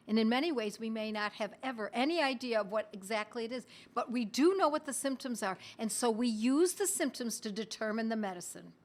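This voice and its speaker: Chatty woman teaching a live stream. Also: on the high side. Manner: chatty, addresses viewers as "my friends", reads comments aloud; occasional coughs and throat clearing. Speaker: homeopathy educator hosting a live stream.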